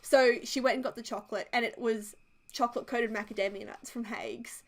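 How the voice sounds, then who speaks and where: A young woman in her twenties tells a rambling personal story in a casual, chatty way. Her voice sits a little high, and she fills her sentences with "like" as she goes. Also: brisk. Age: 20s. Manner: chatty and animated, heavy use of "like". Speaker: video creator. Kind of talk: casual storytelling over a build video.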